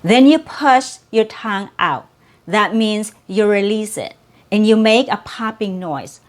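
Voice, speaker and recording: A woman whose first language is Cebuano, teaching an English pronunciation lesson and slowly repeating sounds and words for the learner. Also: medium pitch, expressive. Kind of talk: slow, clear pronunciation lesson.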